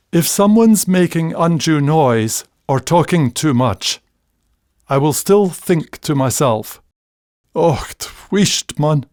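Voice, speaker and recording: An older man with a Scottish accent speaks at an unhurried, deliberate pace, dwelling on each word. His delivery is dry and wry, a podcast monologue told with quiet relish for old dialect. The voice sits close and dead, with no room sound around it. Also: fairly high pitch, no echo. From Scotland. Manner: dry wry storytelling, savoring dialect words. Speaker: podcast host. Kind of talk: slow reflective podcast monologue.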